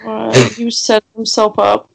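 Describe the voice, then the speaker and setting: A woman's voice: on the high side, monotone, slow pace, vocal fry, low-quality recording. A woman co-hosting a casual chat, reacting with dry, wry remarks.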